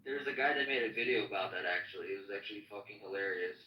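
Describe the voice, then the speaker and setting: A man's voice: on the low side, fairly even intonation, fast talker, bright, forceful tone, roomy sound, recorded from a distance, a little hiss or hum, rough recording. A man chatting casually in an online room, joking and swearing. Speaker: chat room participant. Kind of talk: casual chat.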